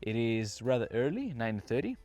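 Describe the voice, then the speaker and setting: With big pitch swings in a mid-range, slightly mellow voice at normal speed, a man from a Caribbean island talks to his podcast listeners. The English teacher walks a campsite outdoors, phone in hand, chatty and explanatory as he addresses them directly.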